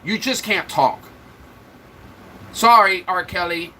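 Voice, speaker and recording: A man's voice: high-pitched, takes it slowly, sharp tone, a little hiss or hum, low-quality recording. A man hosting a livestream, trash-talking and mocking commenters in loose, joking banter. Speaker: livestream host. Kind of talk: mocking live-chat banter.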